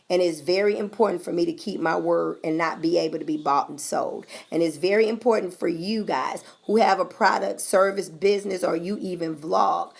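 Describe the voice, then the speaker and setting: An American woman vlogging in a blunt, sassy, animated way, cursing freely as she talks to her viewers. Her voice sits a little low and carries a strong gravelly fry. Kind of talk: casual straight-talk vlog.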